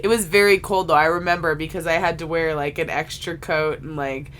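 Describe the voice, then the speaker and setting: A woman's voice: sits low, brisk, slight background noise. A woman co-hosting a podcast in casual, chatty conversation, her nose stuffed up from allergies. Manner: chatty, animated, self-mocking. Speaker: podcast co-host. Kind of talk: casual chat.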